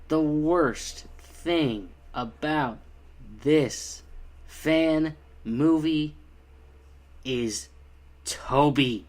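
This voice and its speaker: A man's voice: a little high, big pitch swings, takes it slowly. A man giving a casual spoken review of a fan film, rambling and critical with many fillers.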